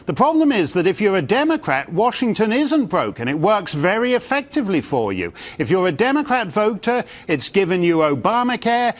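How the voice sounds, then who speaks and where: A columnist makes his case as a guest on a news interview. He speaks with dry wit and a fluent, sardonic flow. His voice sits slightly high for a man. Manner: wry, articulate, sardonic.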